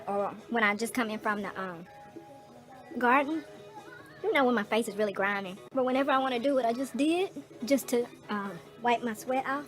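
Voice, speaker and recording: A middle-aged woman vlogging in a casual storytelling way, frank and profane, animated, with asides and laughter. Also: a little high.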